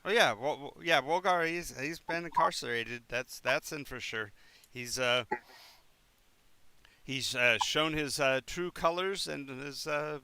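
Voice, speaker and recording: A man voicing an evasive, smooth-talking male town official who rambles with falsely cheerful fillers in a tabletop game. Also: on the high side, measured pace, bright, forceful tone, dry recording.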